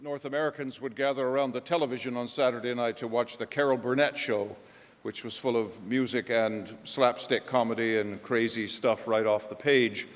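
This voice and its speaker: A man's voice: mid-range voice, fairly even intonation, moderate pace. A male pastor preaching a sermon, telling stories with self-deprecating humor. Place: large church. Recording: echoey church hall.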